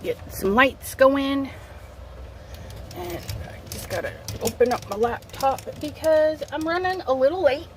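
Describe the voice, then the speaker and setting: Unhurried and high-pitched, a middle-aged woman chats casually while setting up a craft livestream from home on her phone. She reads viewer comments as she goes, allergies make her a bit sniffly, and a little hiss or hum is audible.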